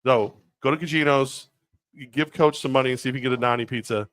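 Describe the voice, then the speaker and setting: A man hosting a casual live chat as team president, joking and animated. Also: medium pitch, fast. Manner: joking, animated, acts out quoted people.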